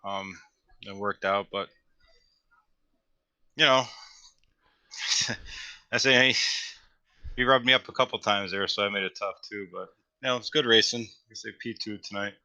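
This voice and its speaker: A sim racing driver, a man answering post-race questions with a very bright, slightly low voice. He talks modestly and haltingly, leaning on "you know", in a dry recording. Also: fairly even intonation, dry recording, muffled recording.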